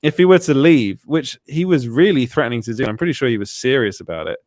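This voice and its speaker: A man's voice: mid-range voice, lively intonation, quick pace, a little mellow, dry recording, studio quality. A British man hosting a casual podcast chat, chatty and laughing often at himself. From Britain. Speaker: host.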